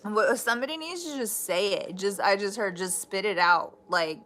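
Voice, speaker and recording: A woman's voice: mid-range voice, normal speed, bright, forceful tone. A woman giving a casual live tarot reading, chatty and blunt, swearing freely and breaking off into laughs. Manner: restarts and trailing thoughts. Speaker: tarot reader.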